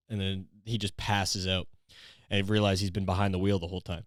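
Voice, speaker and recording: A young man from Canada hosting a podcast, rambling through a crude comedic monologue full of filler phrases and deadpan dark jokes. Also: sits low, unhurried, no room sound, studio quality. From Ontario, Canada. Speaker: podcast host.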